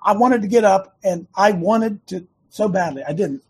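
A middle-aged man hosting a Christian talk show, rambling and preachy, with many restarts and a slightly hoarse throat. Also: sits high, normal speed.

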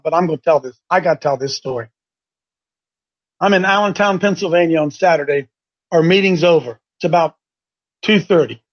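Excitable folksy man from Ohio. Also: sits high. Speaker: host. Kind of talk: casual broadcast announcements. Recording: dull lo-fi sound.

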